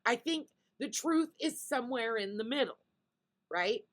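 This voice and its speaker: A woman's voice: on the high side, lively intonation, measured pace. Brief: woman vlogger recapping reality TV, loose, candid, profane. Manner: candid, chatty, swears freely. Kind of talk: casual chat.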